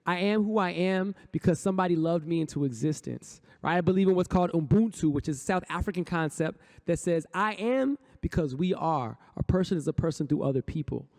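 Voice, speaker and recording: A man's voice: a little high, a little fast, few pauses, a little mellow. A man, a poet and rapper, giving a motivational conference talk, chanting affirmations rhythmically and leading the audience in call-and-response. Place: conference hall stage.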